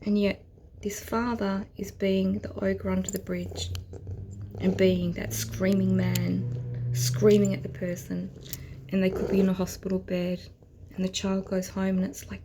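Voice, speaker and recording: Gravelly mellow lady doing a tarot reading, earnest and rambly, slips into whispers. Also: mid-range voice, flat delivery, moderate pace, slight background noise. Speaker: tarot reader. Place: at home with her cat.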